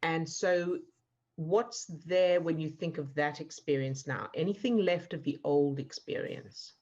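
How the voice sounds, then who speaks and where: A woman coach speaks in a lowish voice, calm and encouraging as she guides someone through an exercise one step at a time. Her words reach the listener over a muffled, dull video call line. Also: a little slow. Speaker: emotional fitness coach. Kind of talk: live online coaching session.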